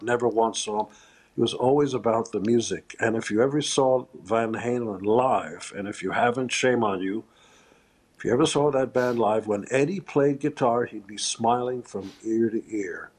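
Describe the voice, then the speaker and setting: A lower-pitched man with a husky, breathy voice, speaking as a guest in a live news interview from a remote location. He talks haltingly and with emotion, often restarting his sentences and filling gaps with "uh." The words come slowly and unevenly. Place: remote location far from the studio.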